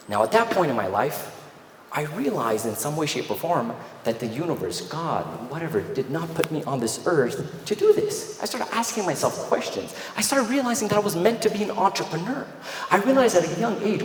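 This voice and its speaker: A man from Quebec, Canada in his thirties giving a motivational keynote, animated storyteller acting out dialogue on stage. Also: a little high. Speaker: keynote speaker. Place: large event hall on stage. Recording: echoey hall with long reverb, faint noise.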